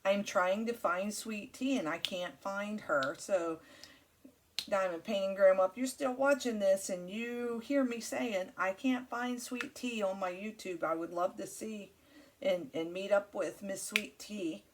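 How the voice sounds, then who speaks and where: A woman chats casually to her viewers while she crafts, rambling a little and filling her pauses with ums. Her pitch is middling for a woman. A faint hiss of noise sits under the voice. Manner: rambling, friendly, many fillers. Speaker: crafting channel host.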